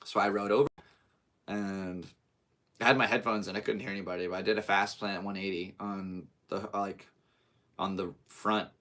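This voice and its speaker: A man's voice: low-pitched, fairly even intonation, normal speed, pushed and bright. A young man hosting a live podcast from home, chatting in a rambling, easygoing, upbeat way into his laptop. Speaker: podcast host. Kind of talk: casual live podcast chat.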